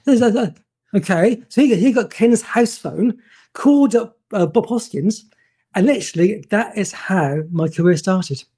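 A man, a photographer telling anecdotes in an animated way, often stumbling and repeating words. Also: high voice, unhurried, breathy edge. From England. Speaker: guest photographer. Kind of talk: anecdotal storytelling.

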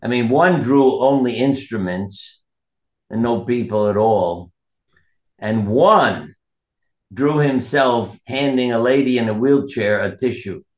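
Taking it slowly, a doctor and author with a mid-range voice recounts earnest stories from his practice in an interview, quoting the people in them. The sound is reverberant and the mood reflective.

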